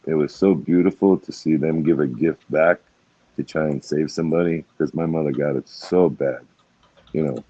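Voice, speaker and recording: Deep blunt-talking middle-aged man. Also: normal speed, dark tone, breathy edge, no room sound, dull audio. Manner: blunt, swears freely, many "you know"s. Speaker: guest. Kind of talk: emotional casual talk.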